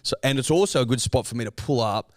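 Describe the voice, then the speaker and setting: A man's voice: medium pitch, quick pace, dry recording. Sweary Australian man telling a story. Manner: animated swearing storyteller, acts out quotes. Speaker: podcast co-host. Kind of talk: casual storytelling chat.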